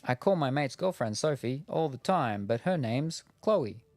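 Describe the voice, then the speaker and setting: Playing a game, an Australian streamer rambles through casual talk, full of ums and jokes. He has a mid-range, darkish, animated voice and an unhurried pace. There is no echo, just faint background music.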